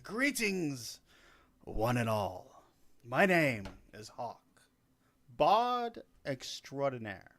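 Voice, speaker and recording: A man's voice: sits high, fairly bright tone. A man playing a bard in a tabletop game, singing and rapping parody songs in character. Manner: playful, sings and raps parody songs. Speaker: player voicing a bard.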